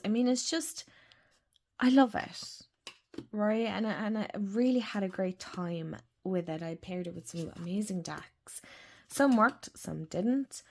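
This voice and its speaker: A woman with an Irish accent, chatting casually and gushing about oracle decks in a rambling way. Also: mid-range voice. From Ireland. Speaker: tarot and oracle deck channel host. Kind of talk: casual deck review chat.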